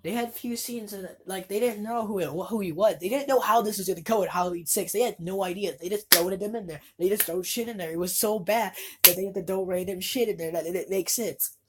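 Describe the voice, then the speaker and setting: A woman's voice: medium pitch, fairly quick, hardly any pauses, very noisy. A woman giving a casual, rambling movie review, exasperated and swearing freely.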